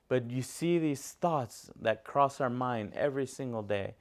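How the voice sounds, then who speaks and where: A man's voice: mid-range voice, a little slow, hardly any pauses. A man preaching a sermon as a pastor, emphatic and repetitive, putting questions to his listeners.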